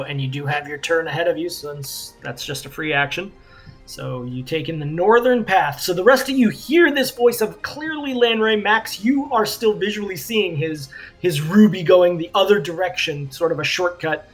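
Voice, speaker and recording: A man's voice: sits high, moderate pace, soft background music. A man running a tabletop game as game master, talking loosely and conversationally with lots of fillers.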